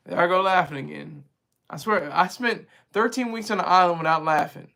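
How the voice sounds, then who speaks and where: A man's voice: sits high, a little fast, gravelly, bright, forceful tone. A man hosting a livestream, talking casually with his viewers in a rambling, chatty way and laughing easily. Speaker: livestream host reading viewer chat.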